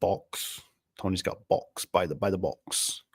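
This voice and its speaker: A man's voice: low-pitched, fairly even intonation, measured pace, gravelly, husky, dry recording. A man who runs a garage door business, chatting casually to viewers in a rambling, folksy way full of fillers. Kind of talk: casual livestream chat.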